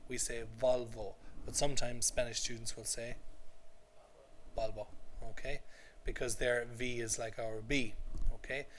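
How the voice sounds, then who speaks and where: A man's voice: mid-range voice, flat delivery, moderate pace, hardly any pauses, a bit bright, slight background noise. Patient male teacher in a classroom. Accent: native English. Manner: patient, repeats phrases, checks understanding with "okay?". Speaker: English teacher.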